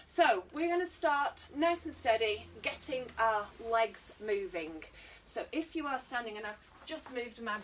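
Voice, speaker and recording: British woman, fitness instructor, chatty, encouraging, fairly high voice, distant mic. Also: animated, measured pace, few pauses, a little hiss or hum. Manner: chatty, encouraging, self-deprecating. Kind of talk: online exercise class instruction.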